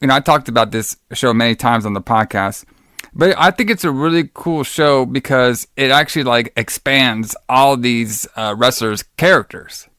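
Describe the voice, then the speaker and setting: A man's voice: medium pitch, normal speed, fairly bright tone, smooth, no room sound, studio quality. A man co-hosting a casual podcast, rambling with lots of fillers and enthusiastic about old wrestling shows. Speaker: podcast co-host.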